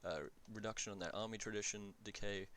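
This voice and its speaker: A man's voice: on the low side, fairly even intonation, fast, fairly bright tone. A man giving casual commentary on a strategy game, thinking aloud and often correcting himself mid-sentence with fillers. He talks in an offhand, blunt way and swears now and then.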